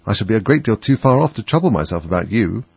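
A man's voice: fairly low pitch, big pitch swings, fast talker, vocal fry, slightly rough, no echo, full character voice. Alice, a man reading a curious little girl. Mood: fretful. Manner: fretful, scolds herself. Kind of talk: audiobook reading. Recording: dull lo-fi dry recording.

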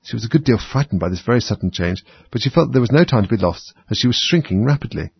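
A man narrating a storybook in a measured, lively way. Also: medium pitch, vocal fry, breathy edge, no echo. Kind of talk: storybook reading. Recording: dull, dry lo-fi recording.

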